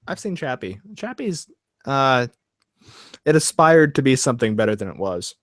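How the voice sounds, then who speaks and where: A man's voice: medium pitch, sing-song, moderate pace, dry recording. A man co-hosting a casual livestream, making dry joking asides. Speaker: co-host.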